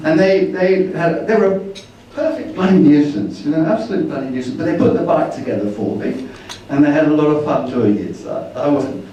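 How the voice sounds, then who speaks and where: A man's voice: medium pitch, dark tone, slight background noise. Chatty man in an echoing hall. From Britain. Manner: chatty and rambling, acting out quoted dialogue. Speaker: speaker at a travel meeting. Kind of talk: anecdotal slide-show talk. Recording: roomy hall, distant mic.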